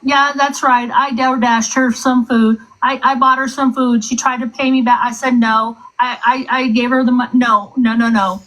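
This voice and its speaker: A woman in a heated livestream argument with a fairly high voice. She talks defensively, swearing and stumbling over repeated words. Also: little pitch movement, moderate pace, few pauses, fairly bright tone, low-quality recording. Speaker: livestream participant.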